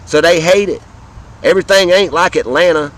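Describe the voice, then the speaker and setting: A man's voice: on the high side, normal speed, fairly bright tone, rough recording. Fiery Southern American man ranting. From Southern United States. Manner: fiery, profane, repetitive, addresses viewers directly. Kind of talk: impassioned political rant to camera.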